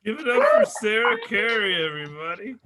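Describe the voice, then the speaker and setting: A man's voice: sits high, wildly swooping pitch, brisk, heavy background noise. A middle-aged man hosting a comedy show over a video call, crude and loose as he banters and introduces acts. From Seattle area.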